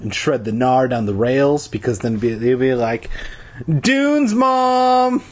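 Husky man reading a kids' story. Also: medium pitch, a little mellow. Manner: irreverent, joking. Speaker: reader. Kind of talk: comedic storybook reading with crude asides.

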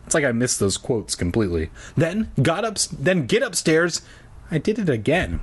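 A man reading a children's spooky book aloud, with deadpan comic asides in between. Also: fairly high pitch, normal speed, breathy edge. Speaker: comedic reader.

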